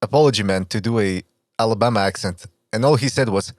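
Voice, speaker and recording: A man's voice: on the low side, fast talker, noisy background. A laughing, joking male podcast host. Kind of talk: casual chat.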